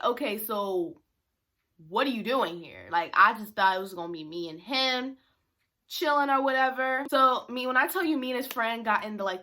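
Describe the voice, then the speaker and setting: Young woman vlogger, bright tone, lively storyteller who acts out the voices. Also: a little high. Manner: chatty, animated, acts out quoted voices. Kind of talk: storytime vlog.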